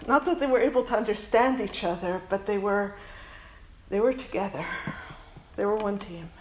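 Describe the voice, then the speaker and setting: A Canadian woman, a school principal who runs a summer camp, tells an audience a heartfelt story, speaking earnestly and emotionally and scattering in Hebrew and Yiddish words. Her mid-range voice sounds reverberant in a low-quality recording with slight background noise.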